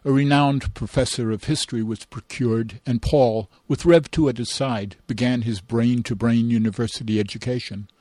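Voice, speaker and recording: A man narrating a comic pun-filled story with a deadpan delivery. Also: mid-range voice, breathy edge, dry recording.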